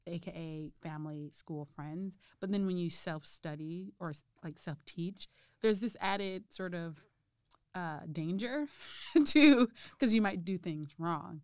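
A young woman hosts a relaxed chat, with lots of fillers and easy laughs as she works her way through a question. Her voice sits on the low side and sounds smooth. The sound is close and dry. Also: dry recording. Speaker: podcast host. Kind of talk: casual interview chat.

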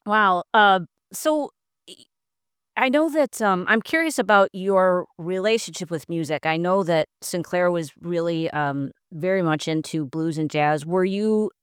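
Woman interviewer, slow speech, smooth clear voice, hesitant questions. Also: fairly low pitch, dry recording, clean studio sound. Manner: hesitant, curious.

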